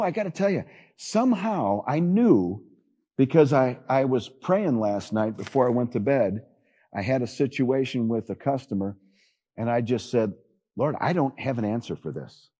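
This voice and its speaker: A man's voice: mid-range voice, darkish tone, slightly rough. A middle-aged man, an assistant pastor, preaching a sermon in a folksy, conversational storytelling way with chuckles. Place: church.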